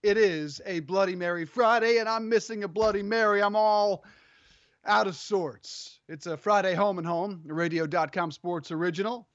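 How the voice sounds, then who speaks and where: Lively high-voiced man on sports radio. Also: normal speed, dry recording, lo-fi sound. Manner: lively, playful, upbeat. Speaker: sports talk show co-host. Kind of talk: casual sports radio chat. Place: home studio.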